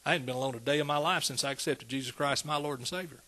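A man's voice: medium pitch, very fast, pushed and bright. A man preaching a sermon, conversational and calling out to the congregation. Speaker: pastor.

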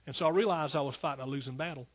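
An older man in his sixties preaches from the pulpit, his voice slightly raised in pitch and husky in grain. He moves between quiet, confiding storytelling and rising, fervent appeals to the congregation. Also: rapid-fire. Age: 60s. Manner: storytelling, swings from soft asides to fervent exhortation. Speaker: pastor. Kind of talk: sermon.

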